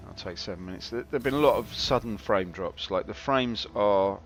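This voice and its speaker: A man's voice: fairly low pitch, a little fast. A man commenting on his game live, chatty, wry and self-mocking. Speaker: game streamer. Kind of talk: casual live-stream commentary. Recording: slightly dull stream audio with faint game music.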